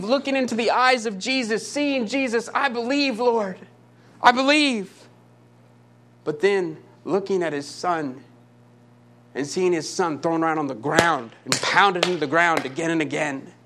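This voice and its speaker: A man's voice: high voice, moderate pace, pushed and bright. A male pastor preaching a sermon with passion, driving points home with repetition and rhetorical questions.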